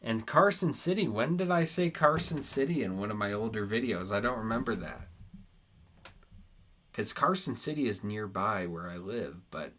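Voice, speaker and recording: A young American man with a lowish voice chats casually on a live stream while playing a geography quiz. He reads viewer comments aloud, talks back to them, and swears when something annoys him. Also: lively intonation, moderate pace, a bit bright. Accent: American, Nevada. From United States.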